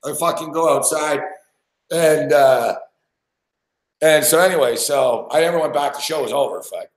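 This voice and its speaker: A man's voice: fairly high pitch, normal speed. A man hosting a sports betting show, telling a rambling story in a casual and profane way, full of restarts. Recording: roomy echo.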